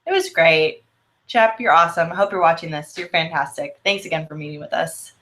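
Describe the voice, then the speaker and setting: A woman's voice: low voice, animated, fairly quick, a bit bright. A woman co-hosting a casual video-call chat, bubbly and rambling with frequent giggles. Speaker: co-host. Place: home office, video call.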